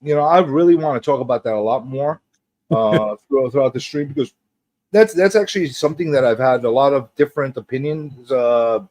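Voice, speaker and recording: A man hosting a casual pop culture livestream, teasing his guest and chatting in an animated way. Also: a little fast, no room sound. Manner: animated and teasing, jumps between high and low.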